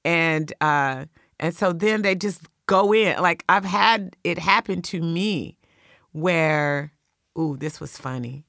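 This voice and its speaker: A woman's voice: fairly low pitch, takes it slowly, gravelly, no echo, clean studio sound. A woman co-hosting a casual talk show, telling a story with dramatic flair. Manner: animated, dramatic storyteller with loud acted outbursts. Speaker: podcast co-host.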